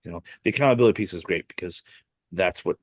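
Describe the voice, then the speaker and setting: A man's voice: sits low, fast, no room sound, clean studio sound. A man from Boston hosting a podcast, telling stories in a rambling casual way with many fillers and restarts. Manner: rambling storyteller, heavy "you know" fillers and self-restarts. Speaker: podcast host. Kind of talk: casual interview chat.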